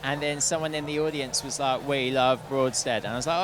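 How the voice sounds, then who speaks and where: A man's voice: medium pitch, level tone, brisk, hardly any pauses. A male comedian telling a rambling story full of fillers in a casual interview outside a venue. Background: music.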